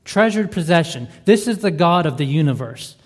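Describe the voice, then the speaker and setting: A man's voice: a little high, animated, normal speed. A male pastor delivering a sermon, building emphasis with repeated rhetorical questions. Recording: reverberant hall.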